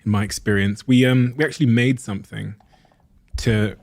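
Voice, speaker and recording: A man with a fairly low voice hosts a podcast conversation, recorded dry and close. He speaks thoughtfully, pausing and restarting now and then as he reflects. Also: steady tone, vocal fry, darkish tone, dry recording. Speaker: podcast host.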